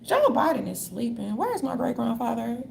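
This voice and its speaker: Sassy woman with a gravelly edge, kinda high voice, reading off her notes, calls everyone darlings, faint hiss behind. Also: sing-song, moderate pace. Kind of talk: casual monologue reading from notes.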